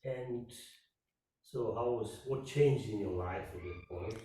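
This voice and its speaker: A man's voice: medium pitch, expressive, slow, warm tone, very echoey, a little hiss or hum. A man in the audience asking a hesitant, humble question.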